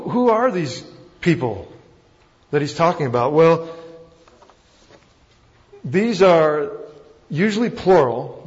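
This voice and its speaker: A man with a Texan accent, teaching a Bible lesson as a pastor in a folksy, self-deprecating, conversational way. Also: fairly high pitch. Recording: dull recording with long hall reverb.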